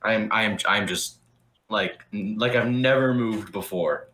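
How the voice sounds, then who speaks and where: A young man on a podcast, telling a story in casual chat, animated and swearing with lots of fillers. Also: lowish voice, moderate pace. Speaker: podcast co-host. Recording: roomy echo.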